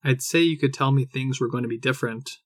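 A man's voice: mid-range voice, fast, dry recording, studio quality, natural voice. A man reading aloud, voicing an upset woman who argues sharply and raises her voice. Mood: pleading, angry. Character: upset adult woman, defensive and quick to anger.

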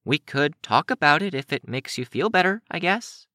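A frightened young heroine , played by a male narrator, hesitant and halting, her voice set well above his own and a little distant. It is a dry audiobook recording. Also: fairly high pitch, expressive, sharp tone, no echo, pitched above the performer's own voice. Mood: nervous. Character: young woman hero, frightened but brave.

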